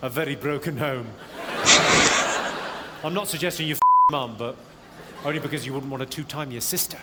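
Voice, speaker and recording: A man doing stand-up comedy, trading quick, cutting put-downs with people in the audience at a live show. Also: medium pitch, very noisy. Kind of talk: stand-up crowd work. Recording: live show recording with loud crowd. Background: loud audience laughter.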